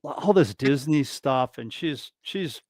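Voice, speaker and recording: A man speaks at a medium pitch and a slow pace, with no room sound, over a video call livestream mic. He's a guest drummer telling stories in a casual interview, animated and rambling, with many restarts and fillers, acting out other people's lines in a raised voice.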